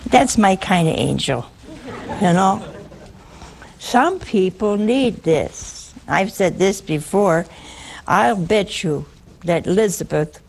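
A woman's voice: medium pitch, expressive, slow, creaky, darkish tone. A woman preacher giving a sermon to a live audience, humorous, teasing and conversational.

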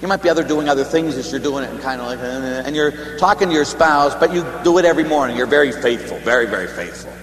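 A man's voice: medium pitch, quick pace, hardly any pauses, fairly bright tone. Man, Catholic priest, chatty joking sermon; reverberant church recording, light hum. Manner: conversational, joking storyteller. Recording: echoey church with long reverb, faint hum.

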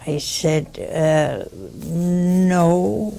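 Slow gravelly woman preaching. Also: mid-range voice. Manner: teasing, animated storytelling with quoted voices. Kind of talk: sermon with storytelling.

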